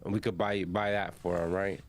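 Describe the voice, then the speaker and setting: Low-voiced man recapping anime slangily. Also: normal speed. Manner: animated slangy storytelling, many fillers and restarts. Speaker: anime podcast host. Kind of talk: casual anime episode recap.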